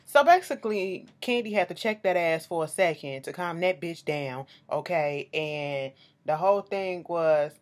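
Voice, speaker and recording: A woman's voice: lowish voice, a little slow. A woman, recapping a reality show in blunt, swear-filled casual commentary, often ending points with "okay?". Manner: blunt, animated, swears freely, says okay to close points.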